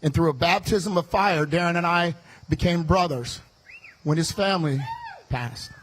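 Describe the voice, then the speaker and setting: A man from the Chicago area giving a fiery rally speech on a state fair stage into a stage microphone, talking fast and loud and shouting his punchlines as a running mate. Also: on the high side, slight background noise, low-quality recording.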